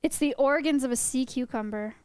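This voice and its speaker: A woman's voice: high voice, a little fast, smooth, dry recording. A young woman teaching her stream chat about animals in a playful, joking way, often laughing. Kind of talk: casual livestream lesson.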